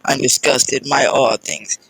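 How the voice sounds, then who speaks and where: A man's voice: medium pitch, steady tone, takes it slowly, a bit bright, breathy edge, full character voice, low-quality recording. A man voicing an emotional, flustered teenage schoolboy who speaks in indignant outbursts.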